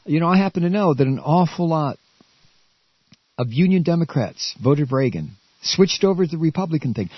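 A man rants on the radio in a lively, swooping voice that climbs into shouts. His tone is a little husky and he stumbles over his words. The sound is dull and dry. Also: on the high side, normal speed, no echo. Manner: angry, stammering, shouting outbursts. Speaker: radio talk host. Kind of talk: political rant.

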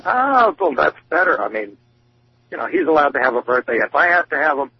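A male radio guest with a husky voice talks in a folksy, wry way and explains things patiently. The recording is dry and lo-fi, with little room sound. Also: fairly high pitch, big pitch swings, fairly quick, dry recording. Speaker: guest, climate commentator. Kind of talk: casual radio interview.

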